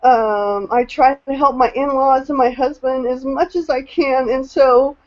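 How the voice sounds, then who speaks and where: Emotional woman rambling thru her story on a video call, lots of ums, kinda high voice, muffled lo-fi sound. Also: steady tone, unhurried, darkish tone. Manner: rambling, with many fillers and restarts. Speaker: new team member sharing her experience. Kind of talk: casual testimonial on a video call.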